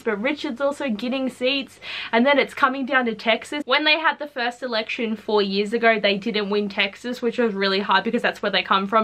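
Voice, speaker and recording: A young woman gushing about a book in a casual review vlog, full of "like" and laughs. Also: fairly high pitch. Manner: gushing and excitable, peppered with "like".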